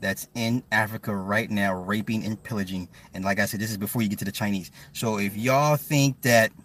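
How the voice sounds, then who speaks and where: A man's voice: on the low side, fairly even intonation, fairly quick, a bit bright, distant mic, slight background noise. A man ranting bluntly and profanely on a casual livestream from his car, often repeating words as he talks to his viewers. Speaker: livestream host.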